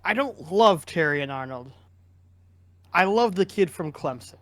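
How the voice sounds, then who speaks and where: A man's voice: sits high, lively intonation, unhurried, a bit bright, no room sound. Rambling man talking sports, dry mic. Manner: rambling, restarts often, opinionated. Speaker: podcast co-host. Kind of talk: casual sports chat.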